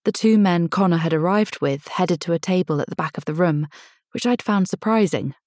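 A woman narrating a first-person novel in a measured, intimate storytelling manner, lightly voicing the dialogue. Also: on the low side, darkish tone, no echo, clean studio sound. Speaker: audiobook narrator.

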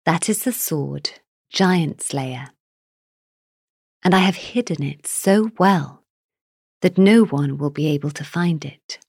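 A woman's voice: low voice, slow, pauses often, darkish tone, husky, no room sound, studio quality, exaggerated voice. A woman voicing a boastful, brutish male giant who bellows threats at his listeners.

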